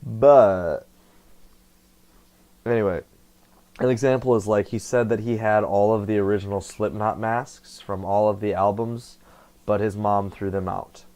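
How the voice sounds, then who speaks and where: A man's voice: fairly low pitch, fairly even intonation, a little slow, long pauses, darkish tone. A young man rambling casually to camera, meandering, swearing often and correcting himself as he goes. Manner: meandering, profane, self-correcting. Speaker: vlogger. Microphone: computer headset setup.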